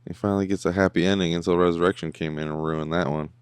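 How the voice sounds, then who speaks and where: Man, podcast host, deep voice, dry close sound, slangy episode recap. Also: fast, clean tone, dry recording. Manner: slangy, animated, says "bro" a lot. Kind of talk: casual episode recap and reaction.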